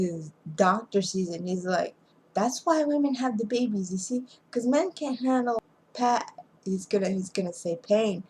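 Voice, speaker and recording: A woman's voice: fairly low pitch, darkish tone, slight background noise, low-quality recording. A woman recapping a movie plot casually, rambling and restarting her sentences, sounding sleepy and yawning. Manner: rambling, halting retelling with many restarts. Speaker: amateur movie reviewer.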